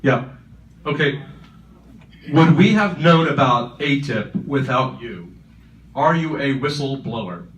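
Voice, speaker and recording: A man's voice: mid-range voice, expressive, takes it slowly, pauses often, slight background noise. Moderator man reading questions in a hall. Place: large conference hall. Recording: echoey hall, distant mic.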